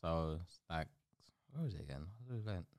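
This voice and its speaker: Deep-voiced young man, laid-back. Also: animated, fairly quick, a little mellow, no echo, clean studio sound. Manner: laid-back, slangy, keeps saying innit. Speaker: podcast host. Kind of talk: casual chat.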